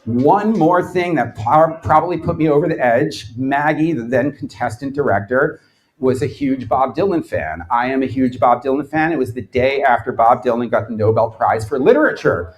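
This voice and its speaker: A man in his thirties giving a comedic live lecture, sardonic and animated, acting out quotes in his stories. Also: mid-range voice, normal speed, rough recording. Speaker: lecturer, former quiz show champion. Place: bar event space before a live audience.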